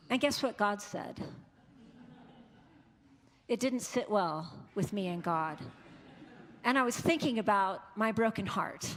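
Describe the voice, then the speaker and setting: A woman pastor giving an earnest, conversational sermon, quoting the people she has met. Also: fairly high pitch. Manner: earnest, conversational preaching with quoted voices. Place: large church. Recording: long church reverb.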